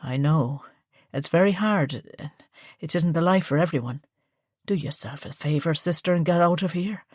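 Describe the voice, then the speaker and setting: Audiobook figure: a gentle, soothing male photographer, read by a woman, lowish voice. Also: moderate pace, dry recording, studio quality.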